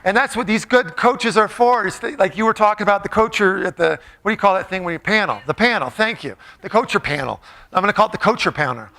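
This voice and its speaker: A man's voice: high voice, expressive, fast talker, vocal fry, bright, forceful tone. A man giving a playful, jokey motivational talk, quizzing a live audience in a large room. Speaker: motivational speaker.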